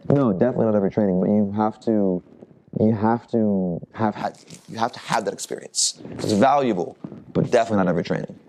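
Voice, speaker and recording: A man's voice: lowish voice, fast talker, darkish tone, a little hiss or hum, low-quality recording. A man teaching a jiu-jitsu workshop in casual talk, restarting phrases and asking the group questions. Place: training room at a camp.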